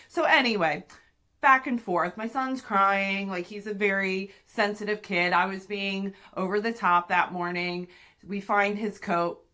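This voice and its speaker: A woman's voice: medium pitch, a little slow. A woman in her thirties hosting a podcast, telling a candid, profane story casually and acting out what she and others said. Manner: candid, profane, animated retelling with acted-out quotes. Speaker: podcast host.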